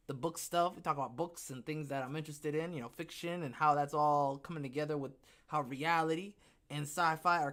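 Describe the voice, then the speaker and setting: A man's voice: a little high, fairly bright tone. Winded man hosting a rambling livestream. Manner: rambling, self-talking, laughs at himself. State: out of breath. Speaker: podcast host. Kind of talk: casual livestream chat.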